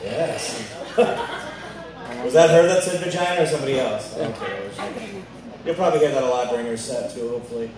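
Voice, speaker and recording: A man's voice: medium pitch, lively intonation, normal speed. Joking male emcee over crowd noise. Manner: loose, joking banter with the crowd. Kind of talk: introducing comics at a comedy club. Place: comedy club stage. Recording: echoey club, distant mic, live crowd.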